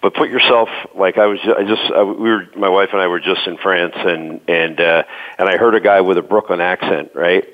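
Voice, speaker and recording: A man's voice: sits low, steady tone, normal speed. A man from Pennsylvania, a panel guest, telling a rambling story with many restarts. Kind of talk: casual chat. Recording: muffled phone-line audio.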